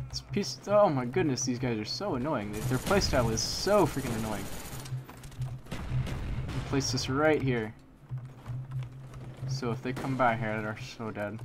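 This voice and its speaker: A man's voice: mid-range voice, unhurried, long pauses, music in the background. A young man giving live commentary over a shooter game, swinging between muttered complaints and sudden frustrated outbursts at enemy campers. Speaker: gameplay commentator. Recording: game gunfire behind voice. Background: loud shooter game sounds, gunfire.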